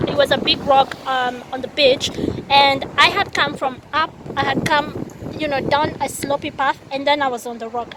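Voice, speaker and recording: A woman from Kenya telling a story in a casual vlog, chatty and animated, laughing often, recorded outdoors by a busy road near the sea. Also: sits high. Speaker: vlogger. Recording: noisy outdoor street ambience.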